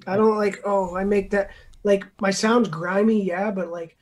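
A young man, a beat producer, explaining his process in casual chat, rambling and filling every pause with "like". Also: high voice, fairly even intonation. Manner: rambling, filler-heavy, says "like" constantly.

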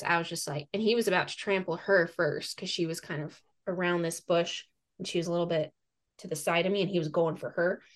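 Animated woman telling a hunting story. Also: lowish voice. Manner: animated, laughing, lively retelling with acted-out quotes. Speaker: podcast guest, fitness coach and moose hunter. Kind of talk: casual storytelling.

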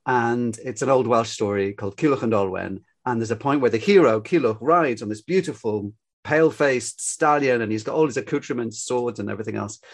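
An older man from Scotland speaks with only a faint Glaswegian accent, his voice sitting at an ordinary middle pitch. He talks casually as an interview guest. He tells his answers as rambling, reflective anecdotes. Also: brisk. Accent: light Glaswegian Scottish. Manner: reflective, anecdotal, drifting into stories. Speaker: storyteller guest.

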